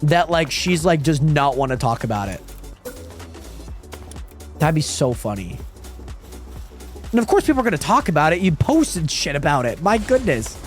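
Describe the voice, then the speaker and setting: A man's voice: on the high side, sing-song, moderate pace, pauses often, faint music behind. A man streaming a game live, chatting casually with viewers and reading their messages aloud, often repeating himself. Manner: chatty, reads chat aloud, trails off and repeats words. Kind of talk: casual live-stream chat while gaming.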